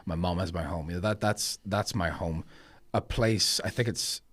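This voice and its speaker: A man talking as a podcast guest in relaxed conversation, telling stories in a reflective way. He grew up moving between Germany and England. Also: sits low, moderate pace. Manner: reflective, storytelling. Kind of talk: casual conversation.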